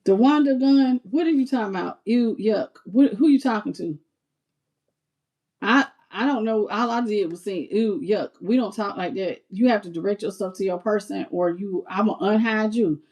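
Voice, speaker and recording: Woman tarot reader, live stream, chatty and expressive, middle-pitched, addresses viewers directly. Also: moderate pace. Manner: chatty and expressive, talks to viewers as "y'all" and "baby".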